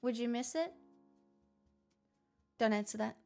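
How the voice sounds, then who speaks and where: A woman streams live in a put-on Irish accent that she admits is bad. She rambles, jokes and swears as she chats, in a fairly high voice. Soft music plays faintly underneath her. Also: a little slow, gravelly. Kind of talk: casual live stream chat.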